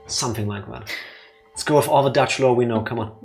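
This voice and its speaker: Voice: mid-range voice, fairly quick, darkish tone. A let's play co-host, chatting casually with a dry, sarcastic edge. Faint music runs under the talk. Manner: joking, sarcastic. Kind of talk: casual chat.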